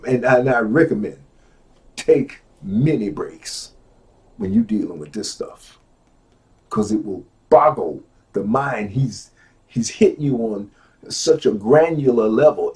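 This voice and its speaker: The speaker, a middle-aged man, lectures from a book. He goes back over key phrases at a slow pace, and his volume swings from low asides up to loud exclamations.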